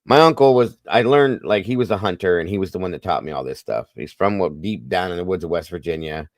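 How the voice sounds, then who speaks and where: A man's voice: deep voice, animated, quick pace, no echo, studio quality. A man hosting a casual livestream, telling folksy stories and calling his viewers folks. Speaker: host.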